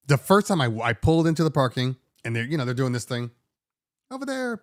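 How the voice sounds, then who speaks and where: A middle-aged man, host of a DJ podcast, spins a casual story in an animated, fed-up way and swears freely. His voice sits at a medium pitch, and the recording is dry with no room echo. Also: quick pace.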